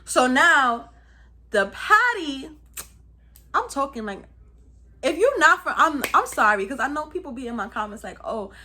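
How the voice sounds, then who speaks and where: Young woman, New York accent, bright tense voice, slangy animated storytime. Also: sits high, a little slow, long pauses, a little hiss or hum. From Brooklyn, New York. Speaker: vlogger. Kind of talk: casual storytime.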